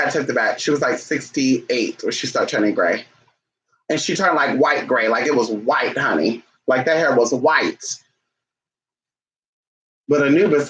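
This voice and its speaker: Bright-voiced, sassy man vlogging. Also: mid-range voice, low-quality recording. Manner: sassy and chatty, calls the viewer honey and girl; breaks off to scold and coax his pets. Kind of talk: casual talking-to-camera chat.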